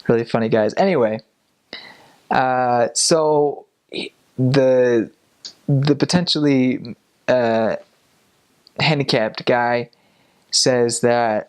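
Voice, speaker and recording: A young man, a missionary, telling a casual story with animated delivery and frequent laughs. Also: mid-range voice, slow pace, long pauses, smooth. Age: young adult.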